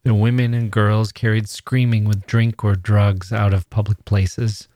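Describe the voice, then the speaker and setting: Low-voiced man reading a story. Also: flat delivery, unhurried, a little mellow, dry recording, clean studio sound. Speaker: podcast host reading a story. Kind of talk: literary reading aloud.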